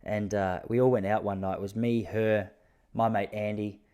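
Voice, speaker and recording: Mellow-voiced Australian man telling stories. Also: level tone, normal speed, clear, resonant tone. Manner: laid-back, self-mocking, jumps to high-pitched disbelief when telling jokes. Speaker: podcast host. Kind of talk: casual storytelling monologue.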